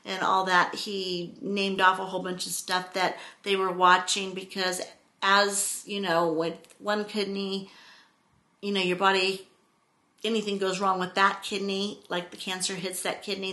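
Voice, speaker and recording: A middle-aged woman vlogging, telling a personal story in a rambling, expressive way. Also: on the low side. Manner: rambling, expressive, acts out quotes with exclamations.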